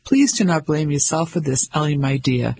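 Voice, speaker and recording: A man with a raspy voice playing a pompous, patronizing English husband in his fifties who blusters hastily. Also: fairly high pitch, expressive, moderate pace, a little mellow, heavily acted, rough recording. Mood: blustering. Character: pompous 55-year-old English banker husband.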